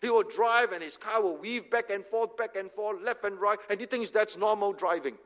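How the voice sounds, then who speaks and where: A man's voice: high voice, normal speed, a bit bright. A man preaching a sermon as pastor, driving points home with short repeated commands. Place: church hall. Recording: reverberant hall.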